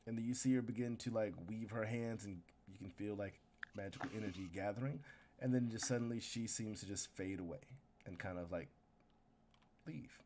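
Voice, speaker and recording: A man's voice: lowish voice, brisk, darkish tone, a little hiss or hum. Male game master, casual tabletop narration, easygoing. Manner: casual, filler-heavy storytelling with character voices.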